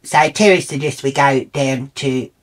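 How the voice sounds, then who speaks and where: In this comic monologue, a middle-aged Australian woman with a bass voice tells a funny story at a measured pace. She comes across as brash, foul-mouthed and indignant, a comedic storyteller in full flow.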